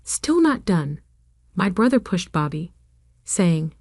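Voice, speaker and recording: A woman narrating a first-person family drama story in an even, steady storytelling delivery. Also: fairly low pitch, takes it slowly, long pauses, no room sound, studio quality.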